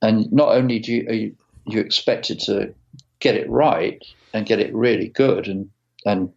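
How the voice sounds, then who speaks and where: A man in his sixties, a guitarist as an interview guest, telling stories in a halting way with many restarts. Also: fairly low pitch, creaky, lo-fi sound. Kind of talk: casual interview storytelling.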